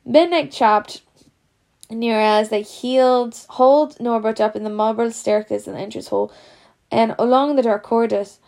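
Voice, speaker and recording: A woman's voice: on the high side, steady tone, moderate pace, gravelly, a little mellow. A woman reading a storybook aloud in a casual, unpolished way. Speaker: reader.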